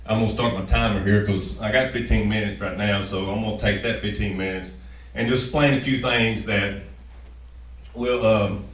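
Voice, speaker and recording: A man's voice: on the low side, steady tone, moderate pace, a bit bright, reverberant, recorded from a distance, rough recording. A man hosting his own video channel, speaking nervously while chewing gum, with many fillers and restarts. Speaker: channel host. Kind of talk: nervous first-video monologue.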